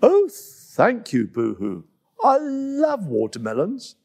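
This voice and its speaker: Man doing a squeaky little jungle girl, Coco. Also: slow pace, vocal fry, full character voice. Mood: cheeky. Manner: squeaky, excitable, stammers when guilty. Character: cheeky little female jungle animal on her birthday.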